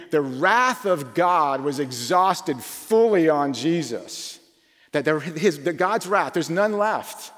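A man preaching a conversational sermon, informal and full of rhetorical questions, shifting between quick asides and slow emphatic phrases. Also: on the high side. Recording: long reverb from a large hall.

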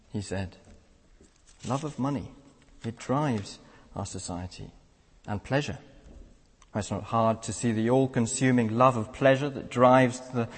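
Young preacher, husky, earnest and rhetorical, recorded in a hall with long reverb. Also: male voice, mid-range voice. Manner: earnest, rhetorical, with frequent tag questions. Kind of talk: sermon.

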